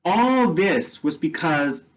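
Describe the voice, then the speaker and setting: A man casually retelling a story in his own plain voice. He rambles, repeats himself, and leans on fillers as he goes. The tone is relaxed and conversational. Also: a little high, slow, poor audio.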